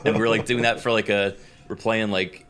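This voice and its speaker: A man's voice: lowish voice, flat delivery, moderate pace, fairly bright tone. A man in casual chat, rambling and laughing often. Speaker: co-host.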